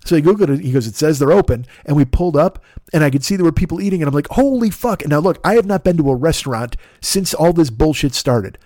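A man hosting a podcast, telling a long, animated, profane story in a casual way and acting out the back-and-forth dialogue. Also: on the high side, quick pace, no room sound, clean studio sound. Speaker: podcast host.

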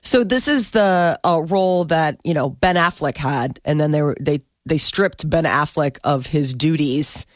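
A woman's voice: deep voice, measured pace, few pauses, no echo, clean studio sound. A middle-aged woman co-hosting a podcast, breezily chatting through celebrity news and laughing easily. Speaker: podcast co-host. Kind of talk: casual chat, reading celebrity news.

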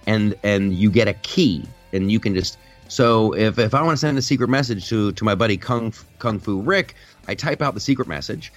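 A man's voice: on the low side, animated, normal speed, soft background music. A man hosting a podcast, chatting casually and telling a rambling story with lots of restarts. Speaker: podcast host.

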